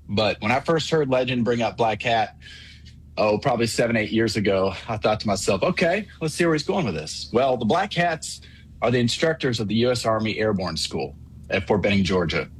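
Caller: grown man, husky voice, measured and explanatory. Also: mid-range voice, low-quality recording. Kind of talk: casual call-in. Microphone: phone line.

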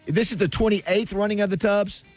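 A man's voice: high-pitched, steady tone, moderate pace, soft background music. A man hosting a casual morning radio chat, chatty and often repeating words as he goes. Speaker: radio show host.

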